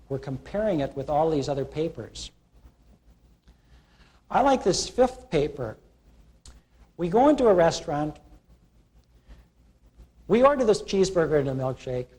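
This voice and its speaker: A middle-aged man giving a college classroom lecture, telling humorous restaurant stories and acting out the people in them. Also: fairly high pitch. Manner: animated storytelling, acting out quoted characters. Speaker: college instructor. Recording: 1980s classroom video recording.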